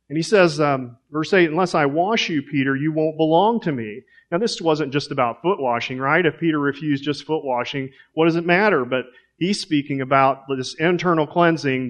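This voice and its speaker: A man's voice: medium pitch, a bit bright. A man preaching a sermon in a conversational way, asking rhetorical questions.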